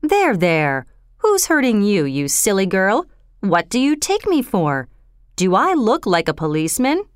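A brisk, condescending male speech expert, as a woman reader puts him on. Storybook narration with lively pitch and a smooth, clear voice. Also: dry recording, studio quality. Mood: scolding.

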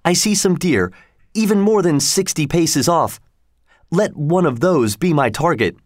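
A man's voice: on the high side, lively intonation, moderate pace, no room sound, studio quality, voice pushed up, natural voice. A man voicing a bold, boastful young male archer in a storybook reading, proud and challenging.

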